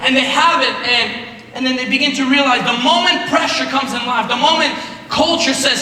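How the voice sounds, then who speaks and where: High, bright young man preaching in an echoey hall. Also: brisk. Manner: impassioned, rising to shouts at key points. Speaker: youth pastor. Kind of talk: preaching to high school students. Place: large echoey school hall. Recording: echoey hall recorded from far off.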